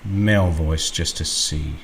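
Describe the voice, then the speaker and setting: A man hosting a screen-recorded software walkthrough, unhurried and thinking aloud with frequent ums. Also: a bass voice, background noise. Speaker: tutorial host.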